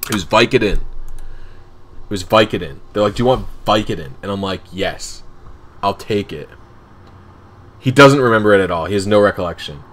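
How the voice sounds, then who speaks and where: A man with a fairly low voice rambles through a funny story on his stream. He corrects himself constantly and breaks into laughter along the way. The tone stays casual and chatty. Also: brisk, fairly bright tone.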